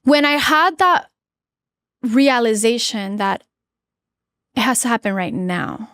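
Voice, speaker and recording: A woman in her thirties speaks as a podcast guest with a fairly high voice. She tells her story candidly and earnestly, often stopping and restarting mid-phrase. The sound is dry, with almost no room echo. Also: animated, fairly bright tone. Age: 30s. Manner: earnest, halting, many fillers and restarts.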